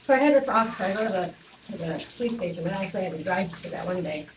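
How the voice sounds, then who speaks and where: A woman's voice: fairly low pitch, lively intonation, racing, recorded from a distance, a little hiss or hum. A young woman telling a personal story in a rambling way, with many fillers and restarts. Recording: echoey room, voice off-mic, faint running water.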